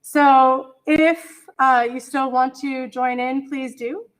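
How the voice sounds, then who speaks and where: A middle-aged English instructor teaches a college class online over a computer mic on a video call, taking it slowly in a high voice with fairly even intonation. Chatty and apologetic, she hums to herself as she searches for her files.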